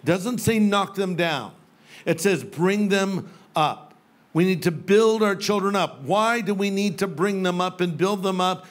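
Older man, pastor, sermon, joking storyteller, slightly high voice. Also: unhurried. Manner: humorous storytelling with playful quoted voices. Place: church sanctuary with live audience.

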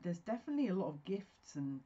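A woman's voice: fairly low pitch, sing-song, fast talker, mellow, breathy edge, muffled recording. A woman giving a pick-a-card tarot reading, effusive and emotional, talking in bursts with restarts.

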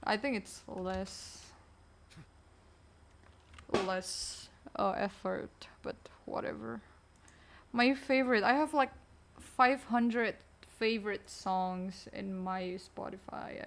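A woman's voice: medium pitch, steady tone, takes it slowly, creaky. A woman streamer chatting casually while gaming, answering chat in a chatty, distracted way.

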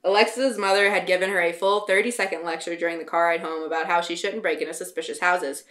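A woman's voice: on the low side, fairly even intonation, fast talker, fairly bright tone. Woman reading her old novel, wry asides. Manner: wry, self-mocking asides. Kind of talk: reading aloud with commentary.

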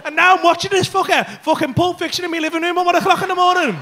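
A man's voice: very high voice, fairly even intonation, racing, hardly any pauses, bright, forceful tone. A man doing stand-up in a comedy club, telling a rambling story with lots of swearing and acting out his own panic. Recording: live club recording. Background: audience laughter.

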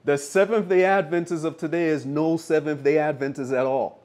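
A man's voice: a little high, fairly even intonation, normal speed, darkish tone. A man preaching a sermon, insistent and repeating his points for emphasis.

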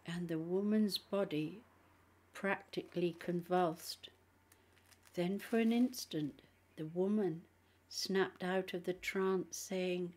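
A woman with a cold reads an audiobook aloud, slowly and deliberately, with a cough now and then. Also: on the low side, fairly even intonation, darkish tone. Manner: slow, deliberate reading. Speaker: audiobook narrator. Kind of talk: audiobook reading.

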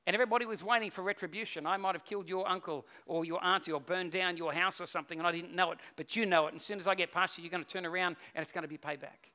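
Bright-voiced man preaching a sermon. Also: steady tone, very fast, few pauses. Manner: storytelling, swinging from loud urgent peaks to low quiet stretches. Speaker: pastor.

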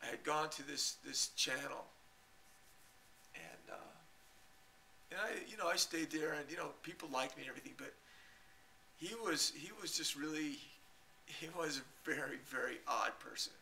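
A man telling a long rambling story to his camera, halting and repeating himself and chuckling often. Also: fairly high pitch, gravelly, bright, forceful tone, slight background noise. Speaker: video blogger.

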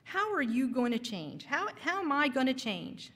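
A woman voicing a teenage boy who leads a gang, reading his demanding lines in a slow storytelling voice. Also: sits high, very animated, a bit bright, long reverb tail, pitched above the performer's own voice, exaggerated voice. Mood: bewildered. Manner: gruff, demanding. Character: threatening teenage male gang leader.

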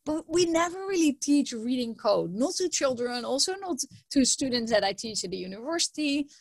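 Lively, higher-voiced woman giving a talk. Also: normal speed, no room sound. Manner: lively storytelling, repeats words for emphasis. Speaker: computer science professor giving a conference talk. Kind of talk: conference keynote talk.

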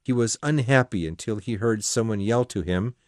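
A man's voice: lowish voice, normal speed, darkish tone, dry recording, studio quality. A man reading a classic novel aloud as an audiobook narrator, telling the story expressively.

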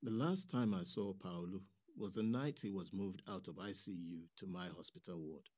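A man's voice: deep voice, moderate pace, a little mellow. A man performing a dramatic monologue as a nurse, telling a story vividly and switching between voices.

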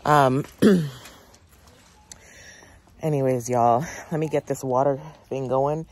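A woman's voice: extremely low pitch, fairly even intonation, moderate pace, mellow. A woman, chatting casually in a gardening vlog and a little out of breath. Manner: chatty, lots of fillers and "y'all". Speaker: gardening vlogger.

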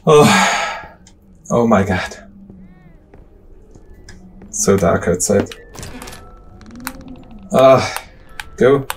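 A man's voice: on the low side, very slow, creaky, long pauses, recorded from a distance, slight background noise. Scared young man swearing through a horror game. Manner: frightened, swearing, exclaiming. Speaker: gaming streamer. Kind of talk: casual gameplay commentary.

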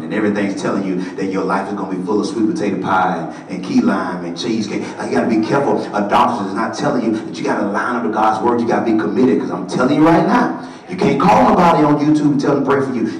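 Preaching pastor, a man in a big echoey church. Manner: swings from loud shouted calls to low quiet talk. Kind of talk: sermon. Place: large church sanctuary. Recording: echoey hall, from far off.

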